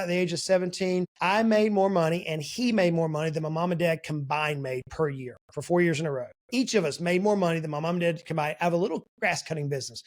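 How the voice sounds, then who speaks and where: Animated Southern man telling stories. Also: high-pitched. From South Georgia, US. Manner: animated folksy storyteller. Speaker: guest, business strategist. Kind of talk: storytelling podcast interview.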